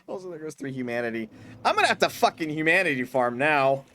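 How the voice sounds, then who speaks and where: A man's voice: fairly high pitch, very animated, fast talker, a bit bright. A man streaming a hard game, chatting casually, swearing often and breaking into mock-grand speeches. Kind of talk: casual gameplay commentary.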